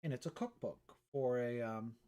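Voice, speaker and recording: A man's voice: mid-range voice, moderate pace, warm tone. A middle-aged man, a painter, chatting casually on a live stream from his art studio, rambling and self-mocking and swearing freely.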